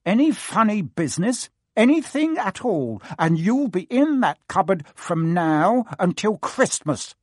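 A man voicing a blustering, bullying middle-aged uncle who speaks slowly and heavily. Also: on the high side, big pitch swings, no room sound, clean studio sound, exaggerated voice. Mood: threatening. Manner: slow, heavy, threatening.

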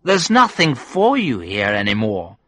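A man's voice: medium pitch, huge pitch swings, unhurried, bright, forceful tone, dry recording, studio quality, voice pushed up, heavily acted. A man voicing a drunk, grieving young woman who speaks with slurred, spiteful words in an audiobook. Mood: drunk, bitter.

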